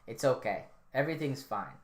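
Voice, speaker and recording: A woman's voice: rumbling low, animated, brisk. A woman hosting a casual solo podcast, rambling and offhand with lots of fillers and restarts. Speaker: podcast host. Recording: roomy, echoey room.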